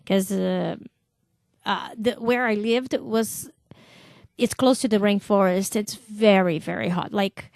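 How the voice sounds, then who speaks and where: A woman with a Brazilian accent, a podcast guest telling stories in a laughing, swearing, animated way. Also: medium pitch, slow pace, creaky, no echo, studio quality. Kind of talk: casual storytelling.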